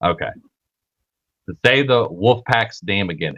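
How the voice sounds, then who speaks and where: A young man talks casually on his livestream, rambling and correcting himself as he goes. He swears freely and leans on filler words. His voice sits a bit low, with a bright, forceful edge. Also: normal speed. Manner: rambling, profane, self-correcting, repeats fillers. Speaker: podcast host.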